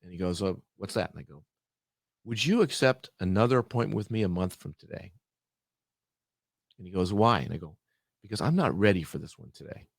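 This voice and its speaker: Man, low-pitched, animated storyteller, dry sound. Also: brisk, gravelly, long pauses, husky, dry recording. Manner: animated storyteller, acts out dialogue. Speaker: podcast guest. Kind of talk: storytelling in casual podcast chat.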